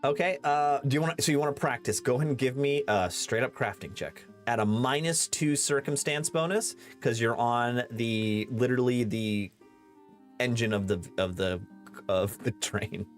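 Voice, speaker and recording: A male game master narrates a tabletop game in a mid-pitched voice, filling his descriptions with fillers and restarts. His delivery is loose and conversational. Faint music plays behind. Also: moderate pace.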